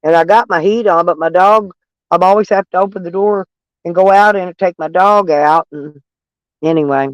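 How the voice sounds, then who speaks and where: A man's voice: sits high, normal speed, no room sound, low-quality recording. A man with a stuffy nose chatting casually with viewers from his van, rambling and plainspoken. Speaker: van life vlogger. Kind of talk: casual live chat with viewers. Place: in a van, door open.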